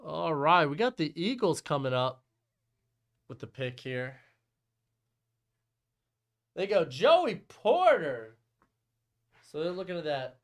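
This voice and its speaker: A young man hosting a live-streamed mock draft, talking casually and bluntly and mocking bad trades. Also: a little high.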